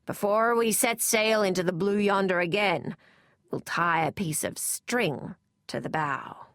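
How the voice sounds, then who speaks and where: A woman's voice: on the low side, fairly even intonation, takes it slowly, a bit bright, no room sound, studio quality. A woman voicing a playful grown man who growls in a put-on seaman's accent. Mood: hammy. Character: playful grown man faking a gruff sailor.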